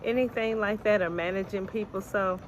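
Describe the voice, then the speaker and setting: An older woman from the United States speaking in a relaxed, matter-of-fact way about her own life. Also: mid-range voice, moderate pace, rough recording. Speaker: interviewee. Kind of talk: casual testimony. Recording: audible background noise.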